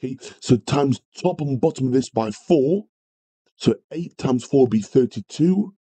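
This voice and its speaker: A man's voice: mid-range voice, lively intonation, unhurried, mellow, husky, poor audio. A man teaching a live maths revision lesson, greeting viewers and apologising often as he works through problems. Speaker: maths tutor.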